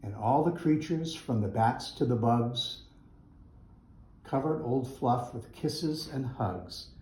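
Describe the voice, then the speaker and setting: A man's voice: mid-range voice, expressive, slow pace, darkish tone, reverberant, a little hiss or hum, rough recording. A man, a mayor, reading a rhyming picture book aloud to schoolchildren in a school room. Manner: rhythmic rhyming delivery.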